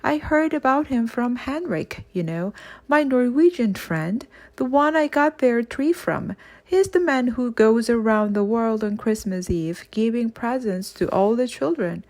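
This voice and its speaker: A woman's voice: a little high, lively intonation, unhurried, darkish tone. A woman reading aloud and voicing a nervous, polite prince who speaks timidly. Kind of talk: audiobook character voice.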